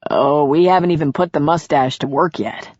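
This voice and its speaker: A woman voicing a gentle, reassuring man in a romance audiobook, speaking low, soothing and teasing. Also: normal speed, dry recording. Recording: dull lo-fi audiobook recording.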